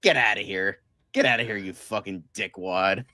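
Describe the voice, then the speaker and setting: A man's voice: fairly low pitch, moderate pace, sharp tone, no echo. A man co-hosting a casual podcast, going off in a profane, angry rant. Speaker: co-host.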